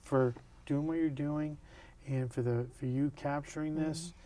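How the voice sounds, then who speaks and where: Earnest man with a mellow voice. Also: a little high, fairly even intonation. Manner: earnest, halting, restarts questions. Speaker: interviewer. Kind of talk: interview questions.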